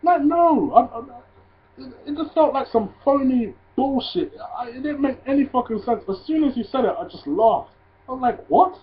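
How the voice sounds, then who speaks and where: A man casually reviewing a wrestling show, swearing freely and ranting in loud disbelief. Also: very high-pitched, normal speed. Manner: profane, ranting, gets loud and incredulous. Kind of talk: casual solo review vlog. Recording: tinny phone-like audio.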